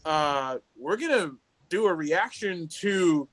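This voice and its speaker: A man's voice: a little high, expressive, slow pace, a bit bright, poor audio. A man co-hosting a casual podcast over a video call, teasing his friend in joking banter. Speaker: podcast co-host. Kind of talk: casual chat.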